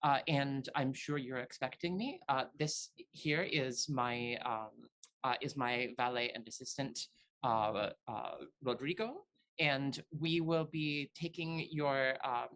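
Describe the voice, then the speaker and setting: A tabletop player voicing a disguised noblewoman who speaks in a halting, overly formal way. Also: mid-range voice, fairly even intonation, a bit bright. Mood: haughty. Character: pompous disguised noblewoman, lady visitor.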